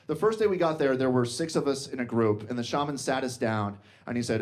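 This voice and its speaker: A man's voice: mid-range voice, brisk, few pauses. A young man doing stand-up comedy on stage, talking conversationally with lots of "like". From Colombian parents, raised in the US. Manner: conversational, fillers like "like". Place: comedy stage before a laughing audience.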